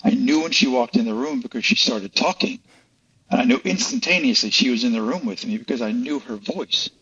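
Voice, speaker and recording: A man's voice: mid-range voice, animated, fairly quick, fairly bright tone, slightly rough. A man as an interview guest, explaining his faith earnestly in casual conversation. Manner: earnest, explanatory, many restarts. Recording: distant, muffled lo-fi audio.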